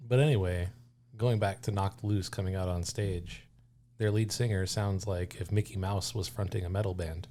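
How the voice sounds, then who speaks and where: Laid-back man with a lowish voice. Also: fairly even intonation, normal speed, mellow, a little hiss or hum. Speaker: podcast co-host. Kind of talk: casual podcast chat.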